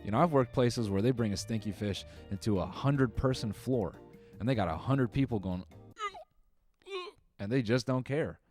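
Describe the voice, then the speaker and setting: A man's voice: medium pitch, normal speed, darkish tone, faint music behind. A man hosting, riffing on viewer clips in wry, rambling comedic commentary full of fillers and restarts. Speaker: comedian host reacting to clips.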